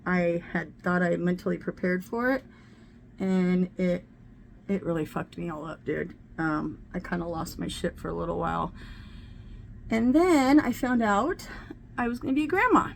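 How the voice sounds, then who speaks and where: Woman, middle-aged, low-pitched, raspy fry, candid and profane, home makeup vlog, faint background noise. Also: moderate pace. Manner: candid, swears freely, talks while applying makeup. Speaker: makeup vlogger. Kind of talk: casual get-ready-with-me chat.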